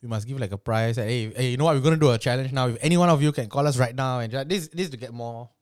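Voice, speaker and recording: Male co-host, quick and teasing, dry close-miked voice. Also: medium pitch, darkish tone, dry recording. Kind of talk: casual chat.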